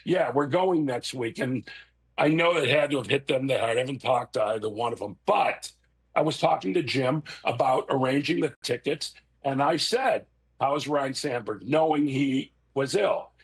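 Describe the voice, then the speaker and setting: Emotional, animated middle-aged man. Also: mid-range voice, normal speed, husky. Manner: emotional, expressive, tearful at times. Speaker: guest. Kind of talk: casual chat.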